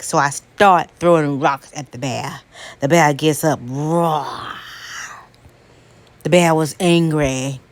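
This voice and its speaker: A woman telling a dramatic first-person story in an unhurried, deliberate way. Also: deep voice.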